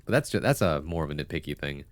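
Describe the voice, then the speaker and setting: Male streamer, deep voice, congested, lively, rambling casual delivery, dry close mic. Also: quick pace, no room sound. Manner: chatty, rambling, with many fillers and self-corrections. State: congested nose. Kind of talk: casual livestream commentary.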